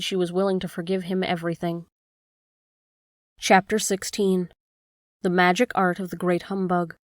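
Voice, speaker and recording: A woman reads a classic children's book aloud at a steady, measured pace. Her voice sits mid-pitch and sounds close and dry, with no room echo. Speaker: audiobook reader. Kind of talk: storybook narration.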